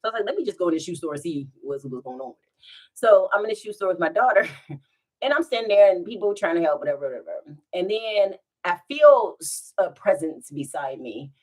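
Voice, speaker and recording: A woman telling funny everyday stories to her viewers in a relaxed, chatty way. Her voice rises and falls with a lot of movement. She keeps giggling and breaking into laughter between lines. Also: fairly low pitch, fairly quick. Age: adult with children. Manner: giggly, animated, bursts into laughter. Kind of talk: casual storytime.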